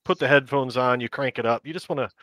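A man co-hosting a podcast in casual chat, enthusiastic and quick to laugh. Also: mid-range voice, fairly bright tone. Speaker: podcast co-host.

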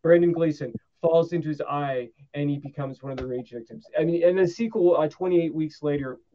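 Eager rambling man, slightly high voice. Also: a little fast, muffled recording, crowd noise. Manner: enthusiastic, rambling recaps with many fillers. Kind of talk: casual podcast chat.

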